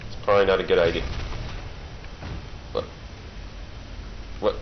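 Joking low-voiced man gaming. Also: normal speed, long pauses. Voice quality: joking, rambling, playful. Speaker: let's-play gamer. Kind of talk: casual gameplay commentary. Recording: muffled with game noise behind. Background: game sounds.

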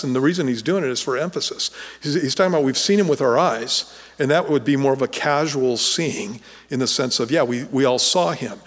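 Male pastor, mid-range voice, casual teaching sermon with restarts, long church reverb. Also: medium pitch. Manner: conversational, with restarts and rising animation when retelling scenes. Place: church sanctuary.

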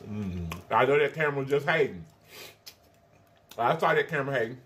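A man hosts a mukbang vlog, chatting casually with viewers as he eats, calling them y'all and honey and making frequent mm sounds between bites. His voice is medium-pitched, animated and a bit bright, at a moderate pace, with slight background noise.

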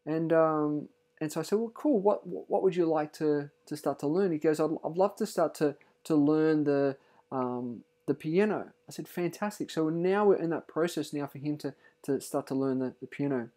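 A man's voice: a little high, moderate pace, warm tone. A middle-aged man, giving an earnest, heartfelt parent's testimonial in a casual way and often restarting his sentences.

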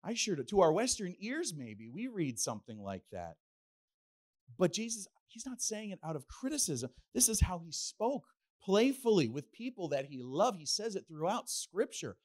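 Middle-aged pastor guy giving a sermon, kinda high voice, playful and animated. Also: normal speed. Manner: animated, playful storytelling with acted asides.

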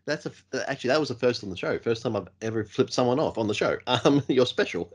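A man's voice: medium pitch, fast talker, husky. A man from Australia with a light Australian accent, hosting a podcast interview, chatting casually and laughing often. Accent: light Australian, partly American-sounding. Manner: laughs often, relaxed storytelling. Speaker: podcast host.

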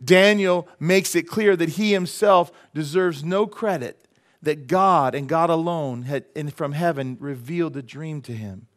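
A middle-aged male pastor preaching a sermon in a casual, folksy way, with quick asides to the congregation. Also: a little high. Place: church sanctuary.

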